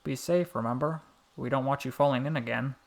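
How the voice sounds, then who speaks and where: A man voicing a small, gentle and wise male frog who speaks softly and protectively. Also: mid-range voice, brisk, gravelly, lightly acted. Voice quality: soft little voice. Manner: warm, fatherly, calls the boy "little one".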